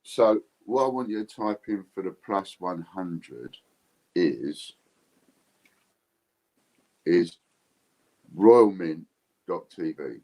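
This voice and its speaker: A man's voice: sits low, expressive, slow pace, pauses often, mellow. A man hosting a casual livestream chat over an iPad video call, rambling and repeating himself as he goes. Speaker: host.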